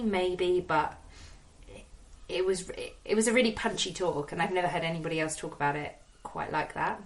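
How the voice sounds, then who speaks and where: A woman's voice: fairly low pitch, distant mic, low-quality recording. A woman hosting a casual podcast interview, chatty and rambling. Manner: chatty, rambling, self-deprecating. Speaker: podcast host.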